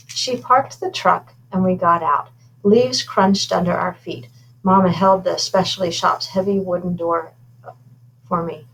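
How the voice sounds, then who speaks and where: A woman's voice: fairly low pitch, moderate pace, a bit bright, slight background noise, low-quality recording. Woman reading a children's book aloud. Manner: informal, with asides about her own slips. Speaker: reader.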